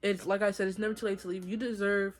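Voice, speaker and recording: A woman's voice: mid-range voice, little pitch movement, fast talker. A young woman telling her own story to her viewers in a casual, chatty storytime vlog, often talking to them directly. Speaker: vlogger.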